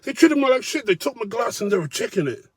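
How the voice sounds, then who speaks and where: A man's voice: very high voice, big pitch swings, quick pace, husky, dry recording, clean studio sound, voice pushed up, exaggerated voice. A man putting on the voice of a petulant adult man whining about how he was treated at dinner.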